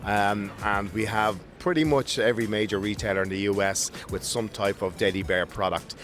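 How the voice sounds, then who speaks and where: A man's voice: on the low side, moderate pace, a bit bright, soft background music. A man with an Irish accent, enthusiastically talking up his toy company in a casual interview at a trade show. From Ireland. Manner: enthusiastic, upbeat sales talk. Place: busy trade show floor.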